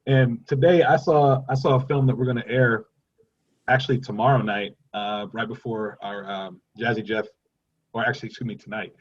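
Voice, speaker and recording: Man, 30s, from Dallas; self-deprecating moderator, breathy voice, dull lo-fi sound. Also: mid-range voice. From Dallas, Texas. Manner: rambling and self-deprecating, laughs often, many restarts. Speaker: forum moderator. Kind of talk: panel discussion.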